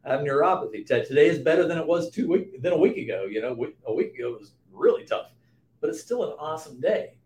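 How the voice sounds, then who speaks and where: A man's voice: on the high side, lively intonation, fast, darkish tone. Reflective man in his fifties, echoey. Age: 50s. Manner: reflective, repeats words as he starts. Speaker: podcast guest. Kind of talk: conversational interview. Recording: roomy echo with faint noise.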